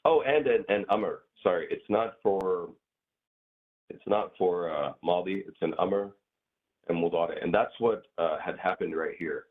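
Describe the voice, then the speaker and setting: A very low, husky-voiced man teaches grammar over a thin, phone-like connection. He rambles through his points with plenty of fillers and acts out little everyday scenes to make them clear. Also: a little slow. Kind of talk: casual online class explanation. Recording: tinny phone-like audio.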